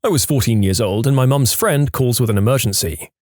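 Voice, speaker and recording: A man reading online stories aloud as narrator, with expressive delivery and jokey asides between them. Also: mid-range voice, a little fast, no echo, studio quality. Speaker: story narrator.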